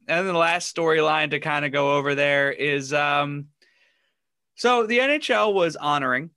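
A man's voice: medium pitch, sharp tone, clean tone, no room sound, studio quality. Chatty man laughing through hockey stories. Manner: laughs often while recounting funny stories. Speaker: podcast co-host. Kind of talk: casual sports chat.

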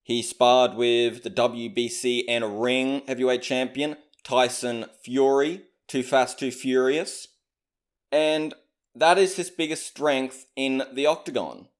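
A man's voice: medium pitch, steady tone, slow. A man casually recapping fights as a commentator, opinionated and chatty, often hedging his claims. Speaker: MMA commentator.

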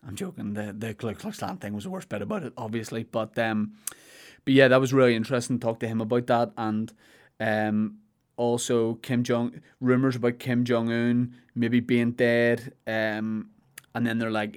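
A young man with a Northern Irish accent, co-hosting a podcast in rambling, jokey chat with deadpan asides. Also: medium pitch, normal speed. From Northern Ireland. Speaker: podcast co-host.

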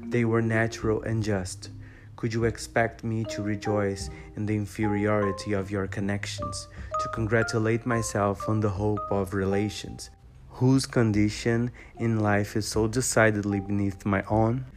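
A man voicing a proud, contemptuous young gentleman in a storybook reading, measured and haughty. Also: lowish voice, flat delivery, lightly acted. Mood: bitter. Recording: guitar music behind voice.

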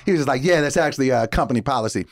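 A man's voice: mid-range voice, very fast, faint music behind. A young adult man co-hosting a podcast, telling a story in casual chat and acting out the people in it. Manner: animated, acts out quotes, frequent laughter. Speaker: podcast co-host.

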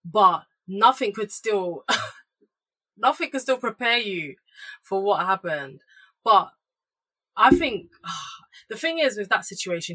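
A woman's voice: medium pitch, animated, takes it slowly, pushed and bright. A young woman, chatting bluntly and sharing her opinions as a podcast co-host. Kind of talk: casual chat.

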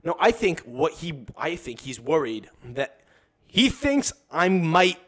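A man's voice: fairly high pitch, sing-song, slow pace, fairly bright tone. A young man talking as a podcast guest in casual chat, telling long profane stories and acting out other people's voices. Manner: profane, rambling storyteller.

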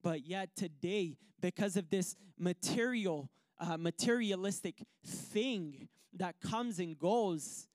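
A man preaching a sermon, telling a personal story with lively acted-out quotes. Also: sits high, slow, hardly any pauses, dry recording, studio quality. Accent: Canadian English. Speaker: pastor.

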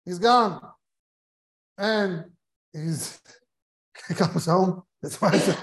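A rabbi leading a Torah class in a study hall tells a funny story, chuckling along the way and sprinkling Hebrew and Yiddish words into his English. His voice is high and slow, with frequent pauses.

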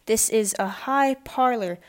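A woman's voice: on the high side, slow. Prim male butler, clipped and formal, read by a woman. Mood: haughty. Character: stiff, proper male butler.

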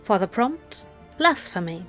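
A woman reading fan fiction aloud in a measured, expressive way. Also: medium pitch, faint music behind.

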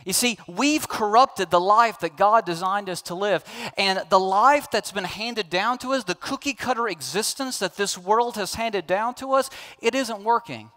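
A man's voice: high-pitched, moderate pace, few pauses, pushed and bright. A man preaching a sermon as a pastor, emphatic, building to pleading questions.

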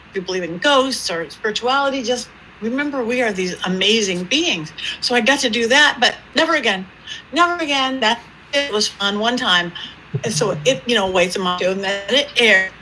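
A woman guest telling stories in an interview, with a lively improv-comedy manner and acted-out quotes. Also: a little hiss or hum, low-quality recording. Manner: lively, acts out quoted voices with big pitch jumps. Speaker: psychic medium guest. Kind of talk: animated storytelling interview.

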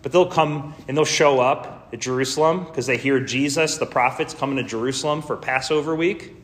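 A man's voice: medium pitch, a little fast. A man preaching a sermon as pastor, in a casual, conversational way with slangy asides.

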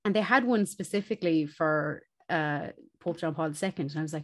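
A young Irish woman, a podcast co-host, telling a story in casual chat, animated and swearing, laughing as she goes. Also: low voice, a little fast, hardly any pauses.

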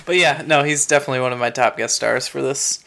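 A man's voice: mid-range voice, fairly even intonation, quick pace, creaky, pushed and bright. A man co-hosting a podcast in easygoing casual chat, laughing often and restarting sentences. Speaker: podcast co-host.

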